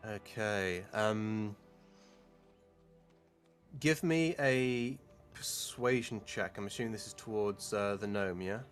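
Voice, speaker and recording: A man narrating a tabletop game as game master, in a relaxed and hesitant way with many fillers. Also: fairly low pitch, slow, long pauses, faint music behind.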